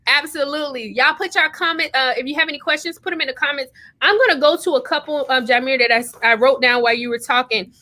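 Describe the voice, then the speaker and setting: A middle-aged woman hosting a livestream, reading out viewer comments, excitable and effusive, laughing often. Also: high voice, fast. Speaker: host.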